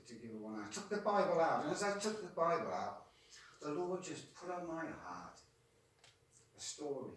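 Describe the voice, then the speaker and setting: A man's voice: medium pitch, a little hiss or hum. A man, a Christian street evangelist, tells a testimony story and often repeats words as he goes. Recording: echoey room from far off.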